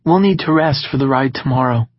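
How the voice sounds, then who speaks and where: A man's voice: medium pitch, a little fast, muffled recording, a little hiss or hum, pitched above the performer's own voice, lightly acted. A man voicing a playful teenage girl on the run, teasing and giggly, in an audiobook. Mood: tired.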